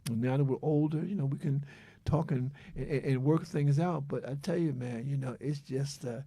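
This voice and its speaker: A man's voice: medium pitch, normal speed, vocal fry, dark tone, husky, dry recording. An older man co-hosting a radio show, talking in a reflective, emotional way and often stammering and repeating words. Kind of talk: casual radio chat.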